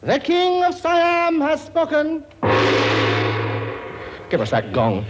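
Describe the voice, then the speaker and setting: A man's voice: very high-pitched, huge pitch swings, slow, highs cut off, very noisy, heavily acted. A man playing a bossy, boastful comic king in a sitcom, blustering and scolding in a chummy way. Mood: brusque. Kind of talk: sitcom acting before a laughing audience.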